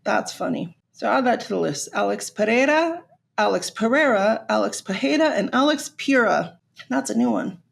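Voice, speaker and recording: Brief: young woman podcast host, gossipy casual monologue, lots of vocal fry. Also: mid-range voice, sing-song, normal speed. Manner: chatty, gossipy, swears freely.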